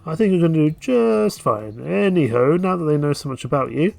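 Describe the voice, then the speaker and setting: A man's voice: fairly high pitch, lively intonation, a little fast, vocal fry, darkish tone, faint music behind. A man voicing a cold, commanding, menacing narrator in a game. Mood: smug.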